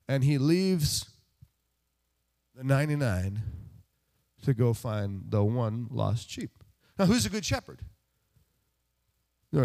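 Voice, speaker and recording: A man's voice: mid-range voice, darkish tone. A man preaching a sermon in a conversational, self-deprecating way, putting rhetorical questions to the congregation. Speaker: pastor.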